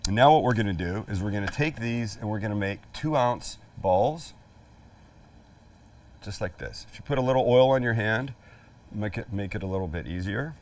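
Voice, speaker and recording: A man's voice: fairly low pitch, lively intonation, moderate pace, far from the mic. A middle-aged man hosting a casual cooking demonstration in his backyard, chatty, jokey and emphatic. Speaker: cooking show host. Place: outdoor backyard kitchen.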